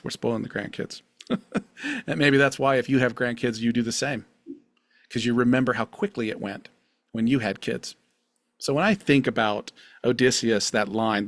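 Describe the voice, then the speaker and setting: Middle-aged guy w a gravelly voice, earnest podcast ramble, dry close sound. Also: on the low side, fairly bright tone, dry recording. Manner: earnest, confessional, repeats phrases. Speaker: podcast host. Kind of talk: reflective solo podcast monologue.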